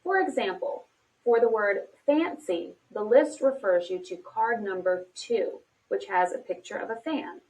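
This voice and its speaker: Woman narrator, bright animated delivery, encouraging and clear, recorded a bit off-mic. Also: mid-range voice. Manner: slow, clearly paced, encouraging teacher talk. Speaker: instructional video narrator. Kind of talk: scripted instructional narration. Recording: distant from the mic.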